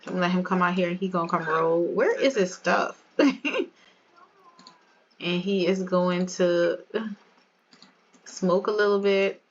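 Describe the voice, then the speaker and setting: A woman's voice: fairly low pitch, steady tone, unhurried, pauses often, lo-fi sound, slight background noise. A woman giving casual, chatty gameplay commentary, often laughing and talking straight to her viewers. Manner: chatty, giggly, addresses viewers. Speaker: game video creator.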